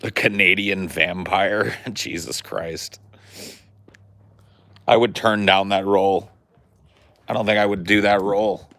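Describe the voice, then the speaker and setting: A man's voice: lowish voice, steady tone, takes it slowly, long pauses, fairly bright tone, no room sound. A man hosting in a casual, joking, self-deprecating chat.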